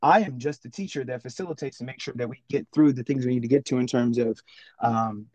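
A man's voice: mid-range voice, fast, no room sound, rough recording. A man who is a teacher, chatting on a podcast and acting out classroom exchanges as he tells stories. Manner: animated storyteller, acts out classroom exchanges. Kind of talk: casual podcast chat.

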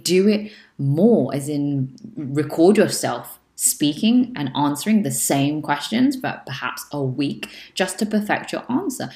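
A woman's voice: deep voice, a little mellow, echoey room. A woman teaching English exam speaking tips, checking in with frequent "okay?" and acting out sample answers with exaggerated intonation. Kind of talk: spoken exam tips lesson.

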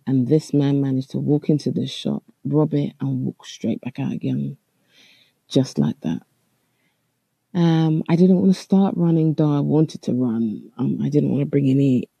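Gravelly, husky storyteller. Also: mid-range voice, mellow, dry recording, low-quality recording. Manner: earnest, halting, with frequent restarts and fillers. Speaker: storyteller recounting a personal experience. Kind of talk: first-person spoken account.

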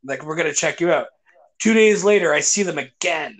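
This host's voice is fairly high and fairly bright, brisk, with lively intonation. He tells stories eagerly in casual podcast chat, stumbling through lots of fillers and restarts.

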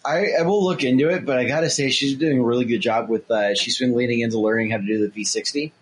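Guy chatting on a podcast, talks fast, kinda husky, laid back. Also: medium pitch, low-quality recording. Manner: relaxed and conversational, says "dude". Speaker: podcast co-host. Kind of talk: casual chat.

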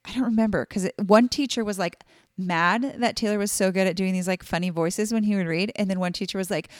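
A woman's voice: medium pitch, fairly even intonation, fast talker, no room sound, studio quality. A woman co-hosting a casual Bible study podcast, talking earnestly with many fillers. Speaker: podcast co-host.

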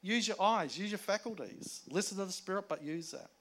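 A man preaching a sermon in a conversational way, moving between emphatic points and hushed asides. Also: high-pitched, animated, a little fast. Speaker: pastor.

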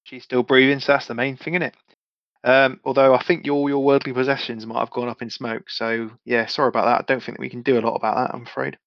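A man's voice: medium pitch, little pitch movement, fast talker, no room sound. Laid-back man bantering in character. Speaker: player. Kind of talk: in-character tabletop role-play. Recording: slightly muffled, dry sound.

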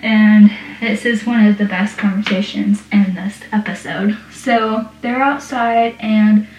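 A woman's voice: mid-range voice, steady tone, slow pace, a little mellow. A young adult woman casually recapping a TV episode, chatty and giggly as she reads scene dialogue aloud. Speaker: podcast host recapping a TV episode. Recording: roomy sound, distant mic.

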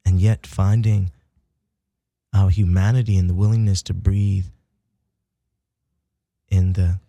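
A low, gravelly male voice tells animated personal stories. He comes from Chicago's south side and swings between hushed, intimate moments and loud bursts, with the odd "y'all" and "baby." The sound is close and dry. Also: slow pace, dry recording. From United States (south side of Chicago). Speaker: interview guest, military veteran. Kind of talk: casual storytelling conversation.

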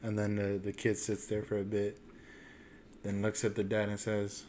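A man's voice: fairly low pitch, monotone, normal speed, a little mellow, a little hiss or hum. A young man co-hosting a casual podcast, telling a crude joke full of swearing and acted-out voices. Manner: swearing storyteller, acts out voices. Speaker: podcast co-host.

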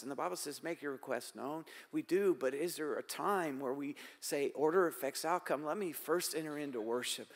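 An older man, a pastor, preaching a sermon and asking the congregation rhetorical questions while quoting prayers aloud. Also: on the high side. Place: church sanctuary. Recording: long hall reverb.

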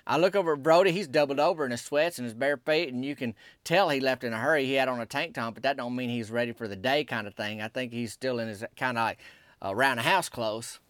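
A man's voice: mid-range voice, quick pace, a bit bright, clear, resonant tone, no room sound. A man telling a comedic story in a rambling, folksy, drawling manner. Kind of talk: deadpan comedic monologue.

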